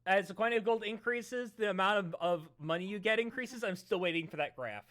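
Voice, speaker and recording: High, bright-voiced man reading a comic. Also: fairly quick. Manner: lively, breaks into loud theatrical readings. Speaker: co-host reading a webcomic aloud. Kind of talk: casual chat and comic read-along.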